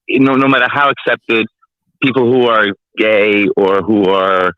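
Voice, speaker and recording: Male caller, deep-ish voice, dull muffled line, blunt and opinionated. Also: flat delivery, a little slow, no echo. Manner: blunt, opinionated, matter-of-fact. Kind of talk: casual call-in chat. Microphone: phone line.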